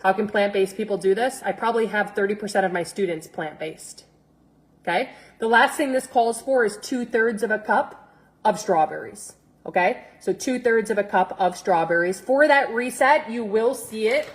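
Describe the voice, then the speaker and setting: A middle-aged woman fitness coach making an energetic, pushy sales pitch on a live stream, repeating instructions and calling out viewers by name. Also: moderate pace.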